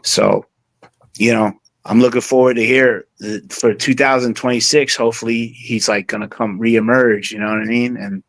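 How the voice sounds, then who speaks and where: A man's voice: mid-range voice, steady tone, normal speed, no echo. Rambling man, dry close sound. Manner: rambling, many fillers and restarts. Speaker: interview guest, music producer. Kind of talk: casual interview chat.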